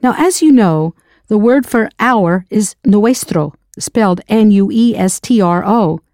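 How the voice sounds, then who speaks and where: Spelling out words letter by letter, a woman leads a recorded language lesson and then asks the listener for an answer. She sounds animated yet measured, her mid-range voice a little mellow. The sound is clean studio audio without any room sound.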